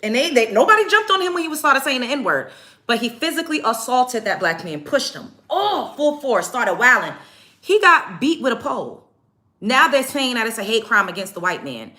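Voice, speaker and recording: Bright, high-voiced woman ranting emphatically. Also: moderate pace. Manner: emphatic, profane, animated retelling. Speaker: livestream host. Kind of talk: heated storytelling rant to a live chat.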